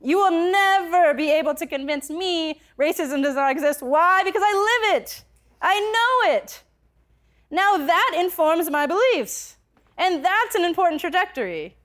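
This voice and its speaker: A woman's voice: very high voice, animated, measured pace, fairly bright tone. A young adult woman telling a personal story in a conversational way, full of filler words, growing passionate as she speaks. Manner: conversational, many filler likes, grows passionate.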